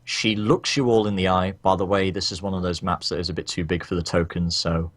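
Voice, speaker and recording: A man's voice: deep voice, little pitch movement, a little fast. A man running a tabletop game, narrating scenes in a rambling second-person way. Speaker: game master.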